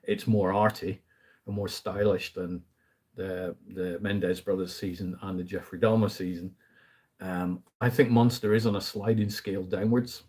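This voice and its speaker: A man's voice: low voice, level tone, moderate pace, a little mellow, husky. A man hosting a casual movie review chat, rambling through asides with the odd light laugh. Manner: chatty and rambling, with frequent asides and fillers; laughs lightly mid-sentence.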